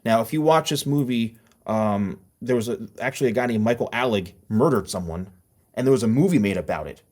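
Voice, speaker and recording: A middle-aged man from New Jersey hosts a casual podcast chat. He tells long stories with energy and acts out the lines of the people in them. His voice sits at an ordinary middle pitch. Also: a little fast. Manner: animated storyteller who acts out voices in his anecdotes. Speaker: podcast host.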